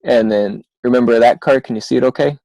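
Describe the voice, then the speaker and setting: A man's voice: medium pitch, a little fast, creaky, warm tone, no echo, poor audio. A man co-hosting a podcast over a video call, playful and explaining step by step. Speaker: podcast co-host.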